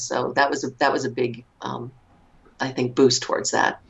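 A woman in her fifties with a low voice, speaking as an interview guest. She talks reflectively, often pausing with fillers and restarting her sentences. The recording sounds dull and lo-fi. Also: level tone, creaky. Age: 50s. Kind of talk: conversational interview.

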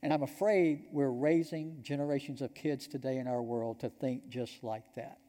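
Warm-voiced Georgia pastor preaching. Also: male voice, mid-range voice, steady tone, moderate pace. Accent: Georgia, US Southern. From Georgia, United States. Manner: earnest storytelling, emphatic, drops soft on key points. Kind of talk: sermon. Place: church sanctuary. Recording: long reverb of a large hall.

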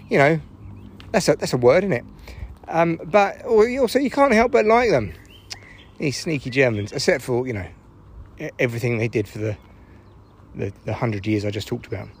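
A man's voice: medium pitch, expressive, normal speed, pauses often, husky. A man hosting a podcast, rambling in a sweary, jokey monologue while out on a walk. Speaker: podcast host. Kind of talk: casual monologue while walking. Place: outdoors on a walk.

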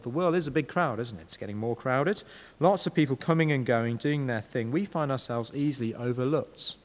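A man's voice: medium pitch, in a large hall. A man preaching a sermon in a conversational way, often asking his listeners rhetorical questions.

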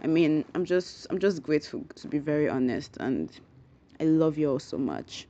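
A woman hosting a solo podcast, rambling and thinking out loud, effusively grateful to her listeners. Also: low voice, very animated, normal speed. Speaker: podcast host. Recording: dull lo-fi recording.

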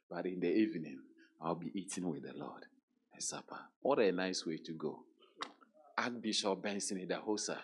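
A man preaching a sermon, emphatic, repeating words and dropping into hushed quotes. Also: deep voice, slightly rough.

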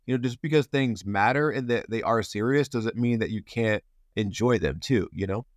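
Low-voiced rambling male host. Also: moderate pace, no echo, studio quality. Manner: rambling, playful, lots of restarts. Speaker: podcast host. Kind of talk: casual conversation.

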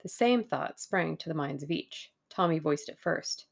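A woman reads a novel aloud in a measured storytelling style. Her voice sits low and has a gravelly texture. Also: expressive. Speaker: narrator. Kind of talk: audiobook reading.

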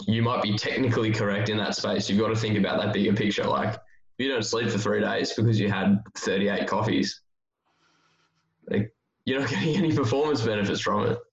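A man with a lowish voice chats casually about training and fills his sentences with loose fillers. He sounds like he is in a roomy space. The sound is a little muffled and dull. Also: a little fast, creaky. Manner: relaxed, thinks aloud with many fillers. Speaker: strength coach. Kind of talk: casual podcast chat.

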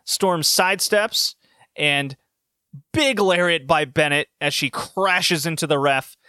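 Man, bright forceful voice, somewhat high, casual sarcastic recap, dry close sound. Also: slow pace, clear, resonant tone, dry recording. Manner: sarcastic, opinionated, frequent self-corrections. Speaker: wrestling show reviewer.

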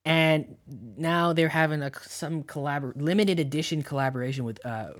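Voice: medium pitch, dry recording, clean studio sound. A podcast co-host from Canada, chatting casually and joking while explaining things for listeners. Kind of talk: casual chat.

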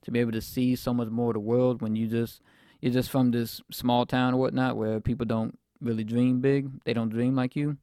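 Young male podcast host, mid-twenties, gravelly, dry close sound, rambling faith testimony. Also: medium pitch, little pitch movement, normal speed, dark tone, dry recording. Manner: reflective, rambling with fillers.

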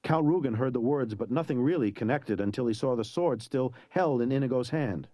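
A man narrating a story in an expressive, dramatic way. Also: medium pitch, brisk, no echo. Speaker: audiobook narrator.

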